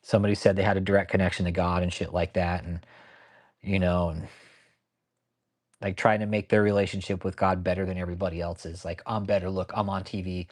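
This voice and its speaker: A man's voice: low voice, little pitch movement, brisk. Blunt, profane man riffing. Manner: blunt, profane, rambling, talks to chat viewers by name. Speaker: channel host. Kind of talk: casual livestream commentary.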